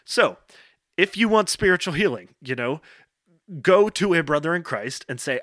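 Earnest man giving a bright, direct talk. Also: a little high, animated, normal speed, dry recording, studio quality. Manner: earnest, direct, frequent "okay" and "um". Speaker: speaker addressing college men. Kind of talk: informal devotional talk.

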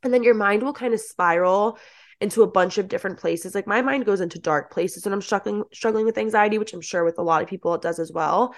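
A young woman appears as a podcast guest in a casual chat, speaking quickly in a mid-range voice. She's chatty, says "like" constantly, and acts out the thoughts she quotes.

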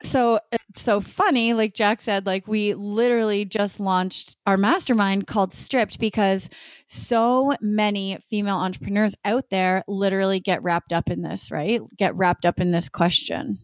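A woman's voice: mid-range voice, steady tone, normal speed, no echo. A woman co-host on a podcast call who rambles on at length, by her own account. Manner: rambling, self-described. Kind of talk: casual podcast chat. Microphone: remote call.

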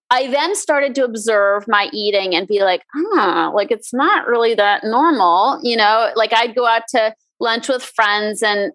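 A woman health coach talking casually in an interview, chatty and animated, often laughing and acting out her own inner thoughts. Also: on the high side, dry recording. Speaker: health coach, podcast guest.

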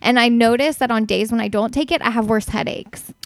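A woman's voice: on the high side, fairly quick, dry recording. A woman co-hosting a podcast, chatty and agreeable in casual conversation. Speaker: podcast co-host. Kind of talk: casual chat.

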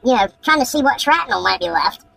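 A woman, excitedly telling a profane story in casual podcast chat. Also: fairly high pitch, a little fast, creaky, low-quality recording. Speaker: podcast host.

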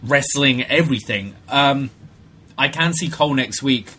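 A man co-hosting a podcast, chatting casually, making jokes and agreeing quickly. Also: medium pitch, pushed and bright, slight background noise. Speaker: podcast co-host. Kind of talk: casual chat.

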